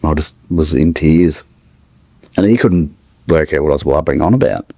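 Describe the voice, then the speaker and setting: A middle-aged man with a halting manner, recounting a painful personal story as a podcast guest. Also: extremely low pitch, warm tone, no echo, studio quality. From Australia. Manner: halting, searching for words, with restarts.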